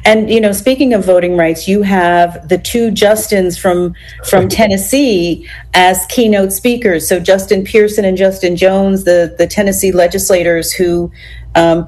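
A woman with a fairly low voice hosts an interview. She asks questions in a relaxed, conversational way and backs up her guest with frequent affirming murmurs. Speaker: interviewer, show host.

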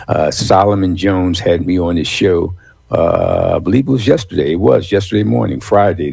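Husky deep-voiced radio host. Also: male voice, a little mellow, no echo. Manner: emphatic, repetitive, folksy, addresses listeners as folks. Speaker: radio talk show host. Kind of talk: casual talk radio monologue.

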